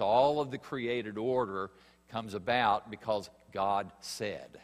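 A man preaching a sermon, earnest and emphatic, pausing and rising in stress as he reads scripture. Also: fairly low pitch, big-room sound. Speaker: pastor.

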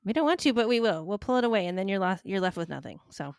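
A woman's voice: medium pitch, lively intonation, quick pace, clear, resonant tone, dry recording, studio quality. A woman co-hosting a casual podcast chat, wry and teasing in her remarks. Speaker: podcast co-host.

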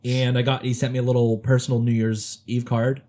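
A man co-hosting a casual podcast about horror movies, talking excitedly and laughing often. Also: mid-range voice, fairly quick. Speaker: podcast co-host.

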